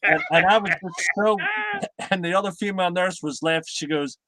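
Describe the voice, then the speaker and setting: A middle-aged man chatting casually as a guest, halting and repeating his words as he tells stories. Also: high-pitched, a crowd in the background. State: recovering from heart surgery. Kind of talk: casual chat.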